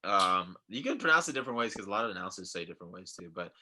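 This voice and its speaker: A man hosting a podcast in casual chat, joking crudely and breaking into loud shouted bursts. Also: deep voice, very animated, racing, noisy background. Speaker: podcast host.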